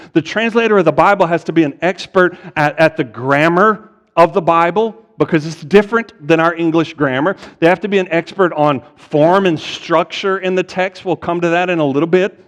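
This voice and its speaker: A male pastor teaching a sermon, explaining step by step and asking his listeners rhetorical questions. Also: a little high. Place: church sanctuary. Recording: long hall reverb.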